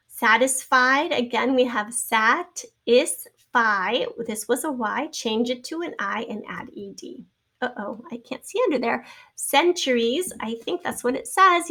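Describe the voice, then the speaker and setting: A middle-aged woman teaching a recorded spelling lesson, patiently spelling out letters and sounds and trailing off into soft asides. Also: on the high side.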